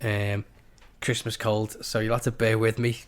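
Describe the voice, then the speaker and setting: A man's voice: lowish voice, little pitch movement, moderate pace. A man with a slight cold, co-hosting a comedy podcast and reading a bad screenplay aloud, often breaking into laughter. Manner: reads with frequent laughter. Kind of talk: comedic script reading with put-on voices.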